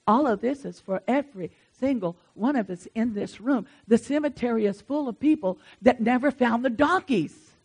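A woman preaching a sermon in church, swinging between hushed asides and loud emphatic lines. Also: high-pitched, vocal fry, poor audio.

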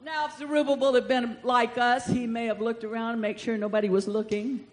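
Woman pastor preaching hard, high voice, calls and shouts at the church. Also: level tone, brisk. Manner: fervent, building to shouts; call-and-response with congregation. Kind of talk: sermon.

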